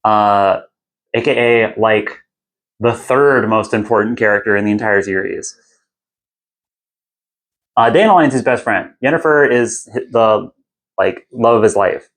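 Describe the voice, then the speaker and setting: A man's voice: lowish voice, measured pace, long pauses, fairly bright tone. A young man hosting a podcast, casually retelling a fantasy book in a loose, irreverent, rambling way. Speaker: podcast host.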